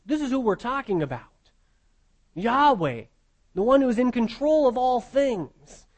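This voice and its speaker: A man preaching an expository sermon, earnest and emphatic, often pressing his listeners with repeated rhetorical questions. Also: very high voice.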